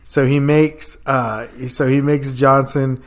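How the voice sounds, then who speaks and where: A young man telling stories in casual chat, laughing often and acting out quoted lines loudly. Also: medium pitch, steady tone, slow. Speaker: podcast guest.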